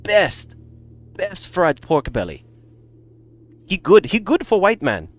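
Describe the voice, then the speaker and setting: A gushing, exuberant relative , as a man puts on the voice, raves in an exaggerated fake Chinese accent, pitched far above his own voice and speaking broken English. Faint music plays underneath. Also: huge pitch swings, slow pace, full character voice.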